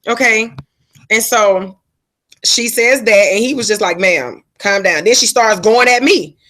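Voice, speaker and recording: A woman's voice: on the high side, normal speed, a bit bright. A woman hosting her own live stream, telling a story in a chatty, slangy way and breaking off to answer her viewers. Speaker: livestream host. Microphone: phone and laptop setup.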